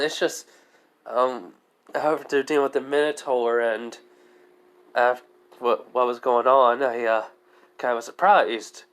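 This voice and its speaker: A man's voice: medium pitch, a bit bright, smooth, close to an everyday voice. A man voicing a shy, nervous young male adventurer who stammers and hesitates as he speaks.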